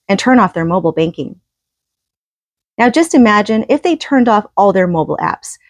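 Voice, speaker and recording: A woman's voice: mid-range voice, breathy edge, dry recording. A woman reading a book aloud and adding her own commentary in an earnest tone, often asking rhetorical questions.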